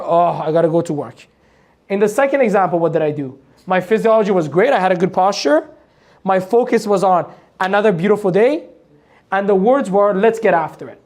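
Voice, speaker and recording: A man's voice: high voice, darkish tone. A man giving a live motivational training to an audience. He talks bluntly, swears casually, laughs at his own points and keeps firing rhetorical questions at the room.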